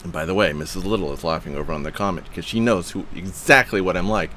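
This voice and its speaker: A man hosting a Christian podcast, reading his own written rant aloud with asides, emphatic and preachy, quick to laugh at himself. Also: low voice, bright, forceful tone, a little hiss or hum.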